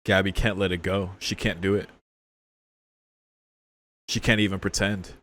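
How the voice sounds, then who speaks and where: A man's voice: low-pitched, flat delivery, measured pace, a bit bright. A man reacting aloud to a show episode in casual commentary, exclaiming, swearing often and talking back at the characters on screen. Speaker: reaction video creator.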